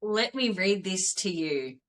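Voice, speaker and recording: An Australian woman co-hosting a podcast over a video call, telling stories with lively, laughing energy. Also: mid-range voice, takes it slowly. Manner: animated storytelling with laughs. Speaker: podcast co-host.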